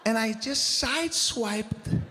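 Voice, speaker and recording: A woman's voice: a little high, takes it slowly, sharp tone, slight background noise, voice pushed up. A man putting on his cheerful, unbothered wife, airy and sing-song. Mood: breezy. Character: cheerful breezy wife downplaying a car scrape.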